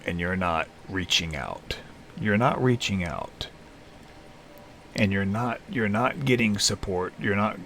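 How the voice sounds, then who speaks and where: A man talking unscripted to camera alone in a small room, tired and halting, with many restarts and fillers. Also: fairly low pitch, a little hiss or hum. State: lethargic, tired. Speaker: vlogger in recovery. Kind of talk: unscripted personal vlog. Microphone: camera facing speaker.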